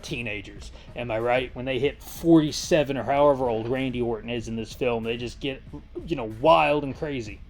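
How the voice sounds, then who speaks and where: A man's voice: mid-range voice, moderate pace, soft background music. A man hosting a comedic movie recap, rambling through the plot with jokey asides and restarts. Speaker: host.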